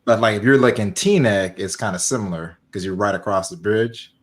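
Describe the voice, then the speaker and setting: A man's voice: fairly low pitch, brisk. A man in a casual podcast chat, explaining things at length in an easygoing way. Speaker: podcast guest.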